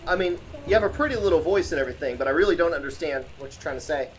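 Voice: medium pitch, expressive, racing, slight background noise. A let's play host giving casual, joking gaming commentary, chatting with viewers and teasing the game's characters.

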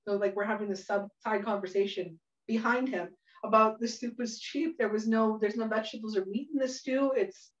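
A woman hosting a cooking workshop, telling a funny story in a chatty way and laughing often. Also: on the high side. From Canada. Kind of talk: casual storytelling while cooking. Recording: echoey room, mic at a distance, dull sound.

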